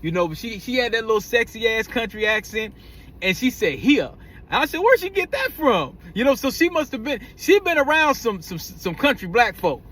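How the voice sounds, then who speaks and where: A man's voice: sits high, animated, a little fast, sharp tone, a little hiss or hum. A man talking casually in a vlog, rambling with slang and frequent stumbles and repeated words. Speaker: vlogger.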